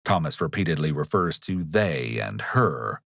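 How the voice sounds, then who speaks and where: A man with a deep, low voice reads scripted narration. He speaks in a measured, analytical way. The sound is dry and close, with no room in it. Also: very animated, creaky, fairly bright tone, no room sound. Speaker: documentary narrator.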